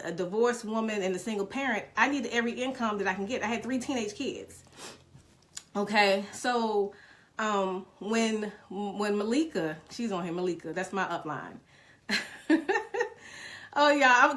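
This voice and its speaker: A woman's voice: medium pitch, pushed and bright. A middle-aged woman in a casual live stream, telling viewers about her hard times, emotional and calling them "y'all". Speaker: direct-sales business mentor.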